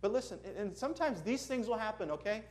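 Man, pastor, sermon, conversational, asks the congregation questions, somewhat high voice. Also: expressive, quick pace, darkish tone.

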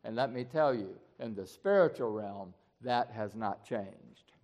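A man's voice: on the low side, lively intonation, a little slow, darkish tone. A man preaching a storytelling sermon in a folksy way, often repeating words and restarting.

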